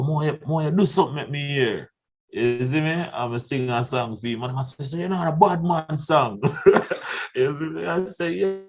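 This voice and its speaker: A young Jamaican man spins his stories in a relaxed interview, and his voice jumps between low murmurs and high, excited bursts. He laughs often and acts out the other people in his tale as he goes. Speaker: guest artist. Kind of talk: casual interview storytelling.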